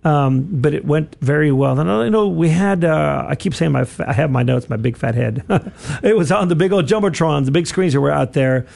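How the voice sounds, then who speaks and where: A man's voice: a little high, lively intonation, normal speed, gravelly, hardly any pauses, a little mellow. A man hosting a radio talk show, leading a prayer and chatting in a rambling, self-correcting way with easy chuckles.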